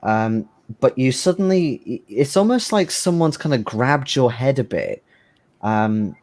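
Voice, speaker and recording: A man's voice: medium pitch, sing-song, a little slow, darkish tone. A man running a tabletop horror game as game master, narrating in a hesitant way with many fillers.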